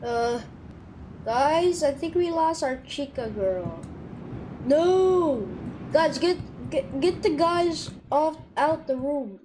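A woman giving live gameplay commentary, excitable, with frequent loud outbursts and groans. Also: sits high, slow, background noise.

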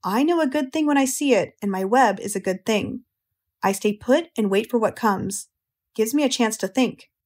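Calm wise lady spider, read by a woman, firm but kind, steady and reassuring. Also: on the high side, normal speed, close to an everyday voice. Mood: musing.

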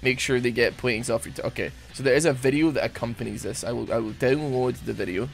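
A man's voice: mid-range voice, fast, gravelly, soft background music. A young man giving casual, jokey gameplay commentary, rambling and poking fun at himself. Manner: rambling, jokey, self-mocking. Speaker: gaming streamer.

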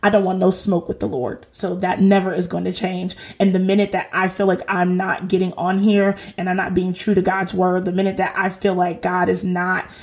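A woman's voice: on the low side, monotone, moderate pace, hardly any pauses, darkish tone. A woman in her thirties hosting a faith podcast, talking casually, earnest and exhorting, with slangy asides.

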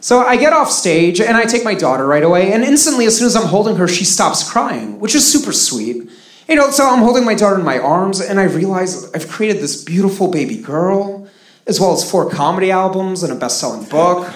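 A man's voice: sits high, sing-song, a little fast. A man from Russia performing live stand-up comedy with a dry, sarcastic delivery. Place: stage in a live comedy venue. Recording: roomy live venue with audience noise.

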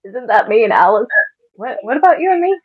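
A woman's voice: fairly high pitch, sing-song, fairly quick, breathy edge. A woman voicing a frightened young male ink creature in a Minecraft roleplay, stammering, panicky and pleading. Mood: confused. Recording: dull lo-fi mic.

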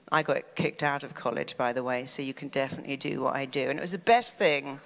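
A woman's voice: rumbling low, fairly quick, creaky, hardly any pauses. A woman giving a motivational stage talk, acting out quoted inner voices. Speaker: speaker. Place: stage in a large hall. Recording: long hall reverb.

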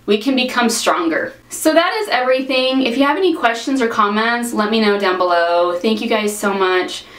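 A woman's voice: a little high, animated, normal speed, fairly bright tone, roomy sound, poor audio. A woman in her thirties talking earnestly to her viewers in a personal vlog, encouraging them and filling her speech with "like" and "you know". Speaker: vlogger. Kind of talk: personal vlog talk to camera.

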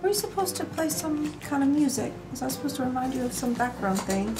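A woman chats casually during a board game, easygoing and quick to laugh at herself. Her voice is slightly higher than most. Upbeat music plays clearly in the background. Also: expressive. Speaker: co-player on a game stream. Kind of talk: casual chat while playing a board game.

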